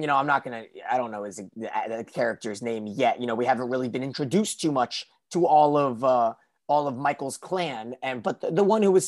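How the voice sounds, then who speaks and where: A man co-hosting a casual recap podcast, talking in loose, rambling runs full of restarts and fillers. His voice sits at an ordinary middle pitch for a man. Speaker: podcast co-host.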